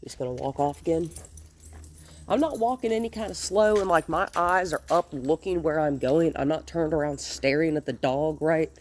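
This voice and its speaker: A woman's voice: low-pitched, normal speed, darkish tone, slight background noise. Woman dog trainer, cheerful coaxing. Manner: explains plainly, switches to cheerful coaxing with the dogs. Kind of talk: hands-on training instruction.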